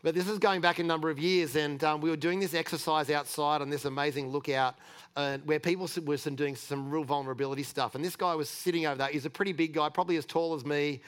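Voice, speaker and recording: A man's voice: a little high, fairly even intonation, quick pace, smooth. A middle-aged man preaching in a chatty, candid way, telling personal stories with light laughs and restarts. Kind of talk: conversational sermon storytelling.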